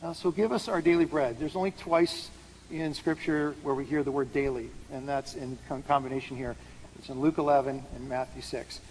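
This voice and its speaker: This pastor speaks at a normal speed with a steady tone and medium pitch, explaining scripture in a relaxed, conversational way while quizzing the audience. He's in a large hall, so there's reverb and some faint noise behind him.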